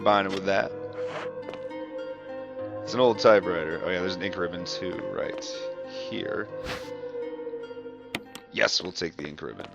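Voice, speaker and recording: Low-ish guy chatting through a game walkthrough, self-mocking, game music loud behind him. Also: measured pace, gravelly, long pauses, highs cut off. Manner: chatty, self-mocking, swears when startled. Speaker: gameplay commentator. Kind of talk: casual walkthrough commentary.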